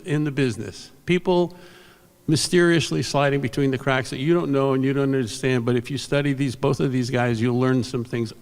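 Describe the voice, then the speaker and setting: An older man from New York giving a rambling, anecdotal awards speech on a convention stage, with asides to the audience. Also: mid-range voice. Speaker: award presenter. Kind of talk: storytelling speech at an awards ceremony. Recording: reverberant convention hall.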